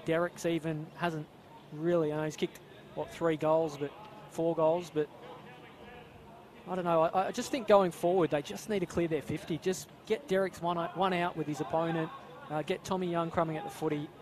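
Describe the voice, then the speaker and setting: A man's voice: a little high, fairly even intonation, normal speed, a little mellow. A man with an Australian accent giving chatty live football analysis, with some hesitant restarts. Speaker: expert commentator. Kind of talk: live sports commentary.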